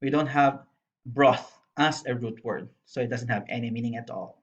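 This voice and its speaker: A female primary school English teacher narrates a recorded lesson for young pupils, spelling out letters and explaining with patience. Her voice is extremely low, fairly even and moderately paced, with dull lo-fi voice-over quality.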